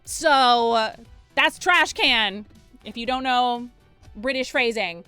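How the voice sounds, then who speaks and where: A woman's voice: fairly high pitch, slow pace, sharp tone, clean tone, no echo, soft background music. A woman in her twenties, a streamer delivering a fired-up, emphatic rant to her chat, with some swearing. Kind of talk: livestream rant.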